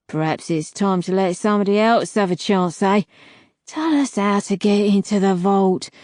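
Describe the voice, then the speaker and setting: A woman voicing a menacing male crime boss who mocks his victim calmly and barks orders, read for an audiobook. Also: mid-range voice, dry recording, studio quality, natural voice. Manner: calm, mocking, then barking orders.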